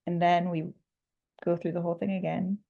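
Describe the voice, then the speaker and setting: Gravelly-voiced woman guiding a meditation. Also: lowish voice, level tone, a little fast, narrow, tinny audio. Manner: soft, gently guiding, laughs at herself. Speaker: meditation teacher. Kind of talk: guided meditation instruction.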